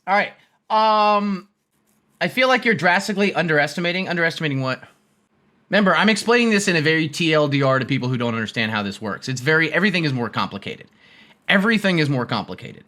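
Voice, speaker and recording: Male host, blunt casual ranter, high sharp voice. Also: lively intonation, brisk. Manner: blunt, swearing, repeats himself. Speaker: stock trading streamer. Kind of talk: casual rant.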